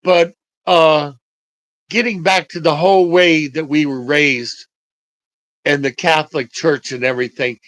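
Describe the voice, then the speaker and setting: Slow-spoken older man telling stories. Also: a little high, steady tone, fairly bright tone, no echo, rough recording. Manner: slow, reflective, halting delivery with pauses. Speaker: storyteller. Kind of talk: personal storytelling.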